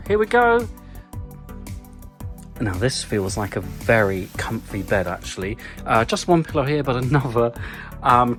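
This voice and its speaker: A man hosts his own travel vlog, narrating as he goes with playful, self-mocking asides and theatrical gasps. His voice sits at an ordinary middle pitch, and clear music plays under him. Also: a bit bright. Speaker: travel vlogger. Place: moving through stations, an airport and a small hotel cabin.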